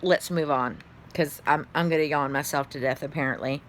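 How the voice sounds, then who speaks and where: A woman's voice: low voice, moderate pace, fairly bright tone. A tired middle-aged woman, chatting casually to her phone camera in a rambling way, yawning and swearing now and then. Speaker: vlogger.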